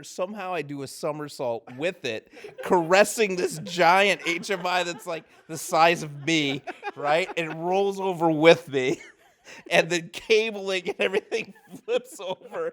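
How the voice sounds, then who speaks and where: A film-set grip with a slightly high, fairly bright voice tells a long anecdote on a casual podcast. He laughs often as the easygoing chat unfolds.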